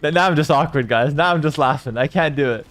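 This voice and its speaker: This is fast live esports commentary from a man streaming a strategy match, captured in a dry recording. He reads the chat and alternates between loud hype and low, composed calls of the play.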